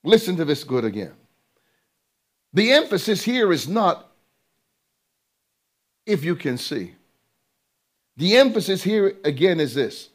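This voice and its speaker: A man's voice: high voice, sing-song, takes it slowly, long pauses. A man preaching a sermon, emphatic and drawn out, repeating phrases and throwing rhetorical questions to his listeners.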